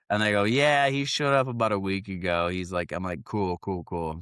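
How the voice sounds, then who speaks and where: Low-voiced young Midwestern podcast host, dry close recording, profane storyteller. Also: male voice, clean tone, no echo. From Northwest Indiana, Chicago area. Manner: profane, rambling, animated when acting out quotes. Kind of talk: casual podcast chat, storytelling.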